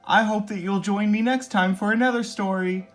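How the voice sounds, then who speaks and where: A woman reading a children's picture book aloud as the regular storytime host, in a gentle, expressive way. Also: mid-range voice, normal speed, soft background music.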